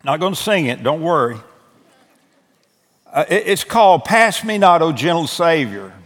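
A man's voice: on the high side, sing-song, moderate pace, a bit bright. A man preaching an earnest altar-call sermon as pastor, pleading and repeating words as he restarts phrases. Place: church sanctuary. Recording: long hall reverb from church room.

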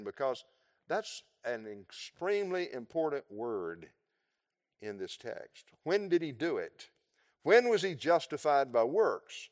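A man preaching a sermon, explaining scripture verse by verse with emphatic, drawn-out phrases. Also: medium pitch, a little mellow, big-room sound.

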